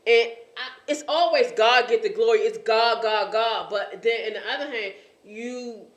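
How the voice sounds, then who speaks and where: Slow, earnest woman in an echoey room. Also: on the high side. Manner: earnest, searching for words, repeats herself. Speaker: talk show host. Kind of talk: faith-based casual chat.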